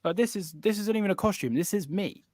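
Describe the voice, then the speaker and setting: A man's voice: high voice, expressive, fast talker, darkish tone, no echo. A man co-hosting a casual podcast chat, boastful and playfully indignant, swearing a lot. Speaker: podcast co-host.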